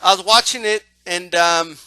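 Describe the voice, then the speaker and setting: A man giving a casual, animated monologue about how he watches boxing, often asking "right?". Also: high-pitched, normal speed, smooth, dry recording. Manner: animated, acts out yelling crowd members, repeats "right?". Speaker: boxing commentator.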